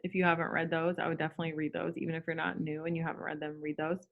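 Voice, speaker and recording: Over a casual video call, this guest talks very fast in a low voice with little pitch movement, and the audio has a phone-quality sound. She's chatty, sprinkling in lots of "like" and "um."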